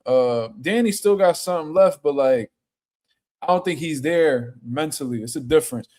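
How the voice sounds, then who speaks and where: A man giving casual, slangy boxing reaction commentary, animated and quick to laugh. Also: on the high side.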